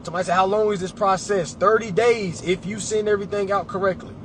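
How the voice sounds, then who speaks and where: A man's voice: high voice, steady tone, fast, slight background noise. A man in a casual talk to camera, advising clients in an emphatic, preachy way, calling listeners y'all and family. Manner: colloquial, addresses audience as y'all and family.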